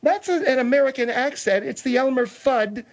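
A man's voice: extremely high pitch, lively intonation, moderate pace, highs cut off, voice pushed up. A man voicing a prim, easily offended older woman who scolds the others. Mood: scolding. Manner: prudish, scolding.

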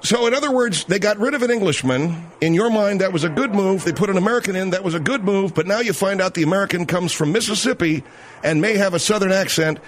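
A man's voice: high-pitched, fast. A male radio host questioning a caller in a skeptical, probing way. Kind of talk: talk radio interview.

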